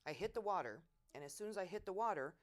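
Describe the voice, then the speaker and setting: In an oral history interview, a middle-aged woman veteran tells war stories with lively energy, acting out quotes loudly. She speaks quickly in a fairly low voice.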